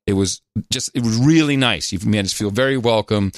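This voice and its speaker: A man hosting a podcast, reading out listener donations and notes in a casual, halting way with many filler pauses. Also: lowish voice, dry recording, studio quality. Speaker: podcast host.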